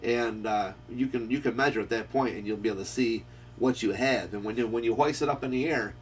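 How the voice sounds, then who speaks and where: A man's voice: medium pitch, brisk, slight background noise. A man hosting a casual radio-shop chat, rambling through a story and acting out both sides of the dialogue. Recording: voice picked up from a distance.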